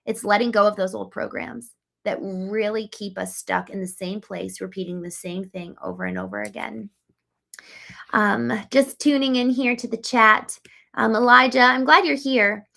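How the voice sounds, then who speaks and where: A woman's voice: mid-range voice, fairly even intonation, moderate pace, vocal fry, bright, forceful tone. A woman hosting a casual livestream, talking earnestly and reflectively and reading out chat comments, with frequent ums and likes. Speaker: livestream host.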